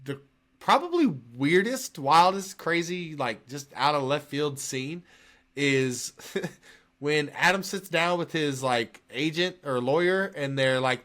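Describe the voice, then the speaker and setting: A man's voice: fairly high pitch, sharp tone. A man co-hosting a movie podcast, talking casually and animatedly, laughing as he retells scenes. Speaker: podcast co-host.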